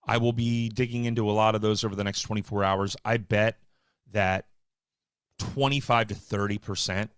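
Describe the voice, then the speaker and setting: A man hosting a live stock market show, talking casually with wry, offhand asides and quick bursts. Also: fairly low pitch, fairly bright tone, no room sound, studio quality. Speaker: market livestream host.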